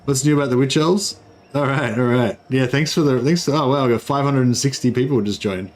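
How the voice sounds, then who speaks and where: A man's voice: mid-range voice, fairly quick. Rambling male game streamer. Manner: rambling, filler-heavy, explains game mechanics. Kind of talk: casual live-stream commentary.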